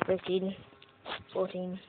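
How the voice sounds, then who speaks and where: A woman's voice: lowish voice, monotone, takes it slowly. Chatty young woman, tinny phone sound. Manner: chatty, self-mocking, swears casually. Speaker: vlogger. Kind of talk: casual commentary while playing a mobile game. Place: outdoors, walking around. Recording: tinny phone-like audio with faint noise.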